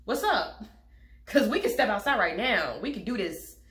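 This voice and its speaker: A woman's voice: medium pitch, expressive, fairly quick, a bit bright. A young woman in a casual storytime vlog, candid and chatty, with frank swearing and wry laughs. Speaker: vlogger telling a personal story. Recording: echoey room.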